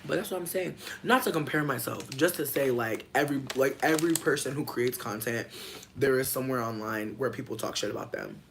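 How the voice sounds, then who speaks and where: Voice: mid-range voice, brisk, gravelly, noisy background. Young adult streamer telling a profane story. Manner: loose, profane storytelling full of fillers; animated, jumps between story and viewer comments. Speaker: content creator. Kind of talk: casual livestream chat.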